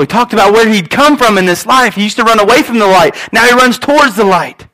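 A man's voice: high voice, quick pace, hardly any pauses, pushed and bright. A male pastor preaching a sermon in an earnest way, repeating his phrases and voicing prayers aloud.

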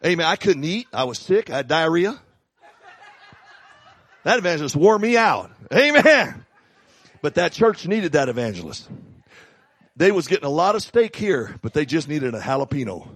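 Middle-aged male pastor, humorous animated sermon, high voice. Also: moderate pace, long pauses, breathy edge.

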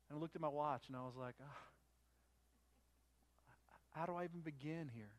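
A man's voice: fairly high pitch, normal speed, long pauses. A male pastor telling a personal story in a sermon, speaking conversationally with many restarts and quoting both sides of the conversation. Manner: conversational, restarts and quotes himself. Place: church.

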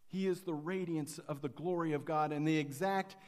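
A pastor preaches a sermon in a fairly high voice. He drops to near-whispers at some points and rises to emphatic calls at others. A long reverb rings around him, like a large church hall. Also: fairly even intonation, normal speed. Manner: dynamic, swinging from quiet to emphatic.

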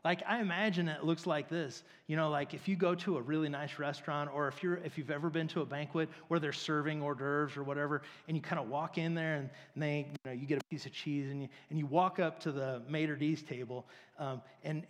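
A man's voice: fairly high pitch, fairly even intonation, brisk, hardly any pauses. A man preaching a casual, conversational sermon, telling stories with lots of fillers. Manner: casual, filler-heavy, storytelling. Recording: long reverb of a large hall.

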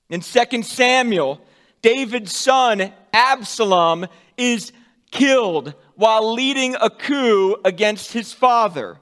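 A pastor preaching a sermon, with dramatic swings from loud emphatic peaks to hushed, soft endings. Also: male voice, high-pitched, animated, takes it slowly, big-room sound.

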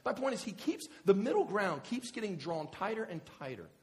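A male pastor delivers a conversational sermon with a fairly high voice that swings widely in pitch. He talks in an animated, storytelling manner, casual and direct. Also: brisk.

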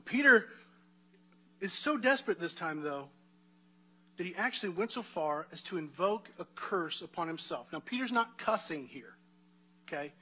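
Bright-voiced man preaching a conversational sermon. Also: sits high, animated, normal speed, pauses often, husky, highs cut off. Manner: conversational preaching with rhetorical questions to the congregation. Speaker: pastor.

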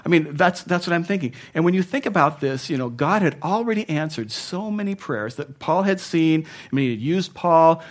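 A man preaching a sermon as pastor, talking conversationally and chuckling at his own asides, moving between loud emphasis and soft, hushed passages. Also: fairly high pitch, expressive, normal speed, hardly any pauses.

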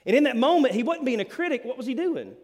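Animated pastor preaching in a hall. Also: male voice, very high voice, quick pace. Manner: self-deprecating and animated, quoting himself. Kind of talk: sermon. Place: church sanctuary. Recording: long reverb of a church hall.

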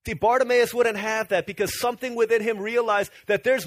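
A man preaching a sermon in a lively, conversational way, often restarting his sentences. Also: very high-pitched, brisk, few pauses, no room sound, clean studio sound. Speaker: pastor.

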